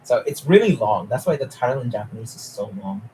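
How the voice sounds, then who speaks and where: A man's voice: medium pitch, lively intonation, quick pace, warm tone, slight background noise, rough recording. A young man talking casually on a live stream, chatty and often laughing as he answers chat.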